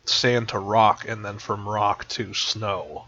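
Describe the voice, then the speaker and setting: A man's voice: on the low side, level tone, slow pace, bright, forceful tone, a little hiss or hum. A man narrating as game master of a tabletop game over voice chat, rambling with many fillers. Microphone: voice chat headset. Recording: dull lo-fi voice chat.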